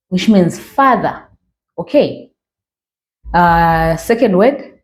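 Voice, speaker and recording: This Zimbabwean woman speaks in a lowish, dark-toned voice that's animated yet unhurried. As a language teacher giving a slow pronunciation lesson to beginning readers, she stretches out every model word patiently, checking in with "okay" and "all right."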